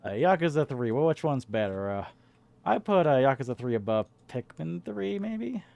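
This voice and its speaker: A man's voice: fairly high pitch, very animated, moderate pace, creaky, darkish tone. A man co-hosting a casual chat about games, rambling with lots of filler words and the odd swear. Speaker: podcast co-host.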